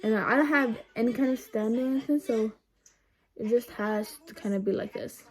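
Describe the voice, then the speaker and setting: A young woman vlogging a casual makeup tutorial at home, rambling and chatty with lots of ums and side remarks, recorded on a phone camera set low. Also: moderate pace.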